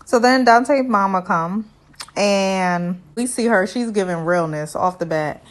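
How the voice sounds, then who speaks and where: Brief: young woman, casual reality-show recap host, sassy and animated, mid pitch. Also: unhurried. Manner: sassy, animated, lots of asides to viewers. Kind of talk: casual review commentary.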